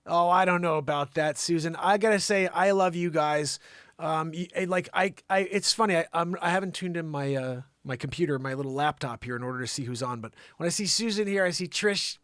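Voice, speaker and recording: A man's voice: fairly high pitch, brisk, dry recording, clean studio sound. A middle-aged man hosting a livestream, chatting casually in a rambling way and slipping into impressions. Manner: rambling, animated, breaks into impressions. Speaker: livestream host.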